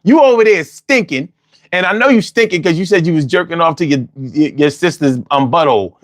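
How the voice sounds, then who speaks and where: A man hosting a call-in show in casual chat, loud, profane and teasing, repeating himself often. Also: on the high side, brisk, no room sound, clean studio sound.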